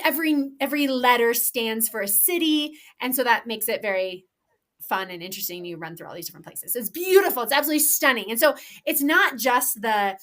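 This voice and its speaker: A woman's voice: on the high side, a bit bright. A woman co-hosting a podcast in casual chat, enthusiastic and rambling, with lots of fillers and restarts. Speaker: podcast co-host and professional trail runner.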